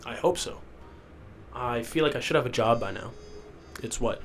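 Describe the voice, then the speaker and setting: A man's voice: medium pitch, moderate pace, a little hiss or hum. A sick young man with sniffles hosting a rambling solo podcast from a basement, loopy and self-deprecating. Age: young adult. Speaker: podcast host. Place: rented house basement.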